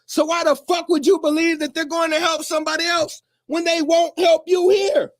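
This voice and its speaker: Man, high voice, profane, preachy, shouting at times. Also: flat delivery, moderate pace. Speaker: commentator. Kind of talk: animated monologue to camera.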